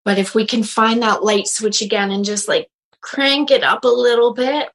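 This woman, a medium and animal communicator, keeps a steady tone and moderate pace in a casual interview, her voice a bit bright. She acts out quotes in her story with big pitch jumps. The audio is poor.

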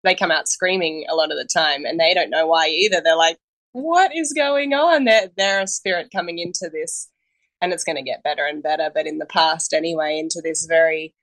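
Low-voiced gentle woman guest. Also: fairly even intonation, brisk, dry recording, rough recording. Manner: gentle, giggly, reflective.

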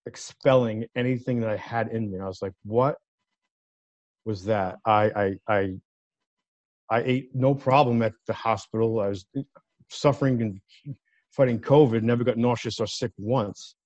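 A man's voice: on the low side, moderate pace, pauses often, no room sound. Man telling a story, muffled dry sound. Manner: animated, acts out quoted voices. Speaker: guest. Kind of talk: casual storytelling.

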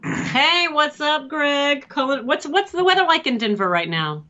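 A woman's voice: high voice, lively intonation, measured pace, sharp tone, muffled recording. A woman co-hosting a casual talk show, bantering playfully and giggling. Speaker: co-host.

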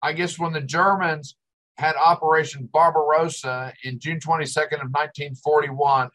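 A man's voice: on the high side, fairly even intonation, normal speed, a bit bright, rough recording. An older man hosting a talk show, ranting with exasperation and sarcasm. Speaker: host. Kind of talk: ranting commentary.

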